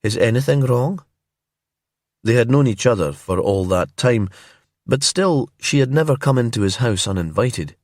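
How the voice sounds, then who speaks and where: A man narrating a crime story in a calm, slow and immersive storytelling manner. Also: medium pitch, no echo, clean studio sound.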